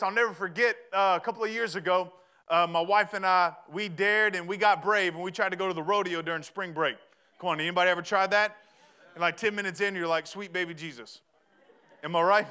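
A man, preaching a sermon in a chatty, storytelling way that rises to shouts. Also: sits high. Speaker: pastor.

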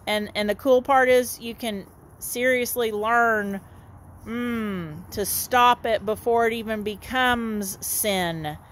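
A high-voiced woman preaches outdoors by a horse lot, taking her time over every phrase. Her sermon is homespun and repetitive, and she keeps coming back to the word "saints.". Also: takes it slowly. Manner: folksy, repetitive, keeps calling the listeners "saints". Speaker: street minister.

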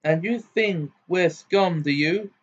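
A man's voice: on the high side, moderate pace, voice pushed up, close to an everyday voice. A man voicing a furious, scornful old wizard father who bellows and jeers in a muffled home recording. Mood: raging. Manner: bellowing, jeering, snarling.

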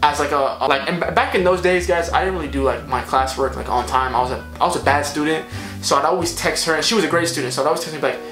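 Brief: young male vlogger, fast and lively, rambling storyteller, roomy echo. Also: a little high. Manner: rambling, animated, filler-heavy. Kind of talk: storytime vlog. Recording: echoey room, faint music.

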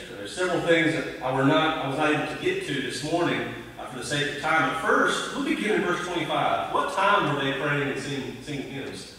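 A man preaching a conversational, animated sermon, recorded from a distance in a church sanctuary. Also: brisk. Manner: conversational, animated preaching with sudden rises in pitch. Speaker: pastor. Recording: echoey church hall, voice from a distance.

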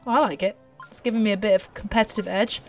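A young British woman giving excitable commentary while playing a horse racing game, urging her horse on. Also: mid-range voice, fast, soft background music. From Britain. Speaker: gaming YouTuber. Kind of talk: live gameplay commentary.

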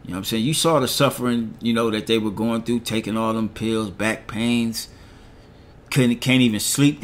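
A middle-aged man, preaching and reading scripture slowly, often asking "all right?" after each point. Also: medium pitch. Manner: reads verses slowly, asks "all right?" after nearly every point.

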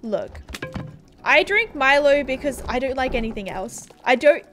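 A woman's voice: high-pitched, lively intonation, unhurried, a bit bright, soft background music. A young Australian woman chatting casually on a game livestream, rambling and giggling as she reads viewer comments aloud. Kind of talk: casual livestream chat while gaming.

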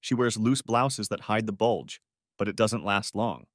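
A man giving an expressive scripted narration of a story. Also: on the low side, unhurried, dry recording, clean studio sound. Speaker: audiobook narrator.

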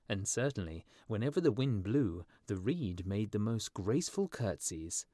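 A man narrating a storybook for English learners with a clear, measured reading. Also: lowish voice, sing-song, dark tone, dry recording, studio quality. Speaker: audiobook narrator.

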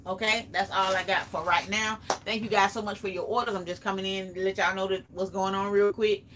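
A woman with a Southern US accent drawls through a casual home live stream, speaking straight to her viewers and reading out their names. She's a live-stream host and small seller with a medium-pitched voice, flat delivery and brisk pace. Her phone or camera sits back from her, and the background is noisy.

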